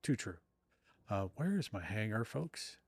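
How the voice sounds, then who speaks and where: A man's voice: lowish voice, big pitch swings, a little slow, gravelly, husky, no room sound. A middle-aged man chatting casually with his live-stream audience while playing, self-deprecating and rambling. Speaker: streamer and author.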